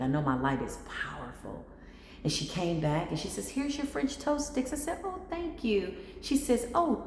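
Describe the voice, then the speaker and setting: A middle-aged woman tells a casual story in a low, gravelly voice. She acts out the people she quotes with lively energy. The room echoes, with a long reverb tail. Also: a little hiss or hum. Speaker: spiritual channel host.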